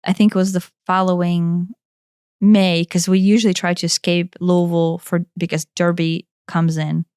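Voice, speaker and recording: A woman's voice: fairly low pitch, moderate pace, smooth, dry recording, clean studio sound. Chatty woman telling a story. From Kentucky, USA. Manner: animated, rambling, with frequent restarts and "like". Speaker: podcast co-host. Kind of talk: casual storytelling chat.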